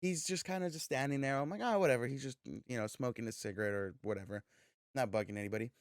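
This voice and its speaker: A man co-hosting a podcast, telling a story in a loose, animated way, swearing freely and acting out the dialogue. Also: medium pitch, quick pace, clear, resonant tone, no room sound, clean studio sound. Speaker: podcast co-host. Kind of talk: casual storytelling chat.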